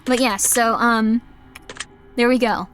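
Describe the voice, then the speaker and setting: A young woman streamer with a fairly high voice rambles candidly through her thoughts on a live game stream. She apologizes often and scatters "like" through nearly every sentence. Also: fairly even intonation, slow, a bit bright, faint music behind. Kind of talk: casual live-stream chat.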